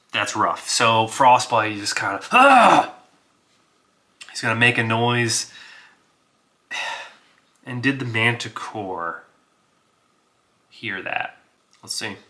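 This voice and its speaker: A man talks through his solo tabletop adventure in a relaxed, thinking-aloud way, full of fillers and little chuckles. His voice is very bright and he takes his time. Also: mid-range voice. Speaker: solo game player. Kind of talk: casual solo tabletop narration.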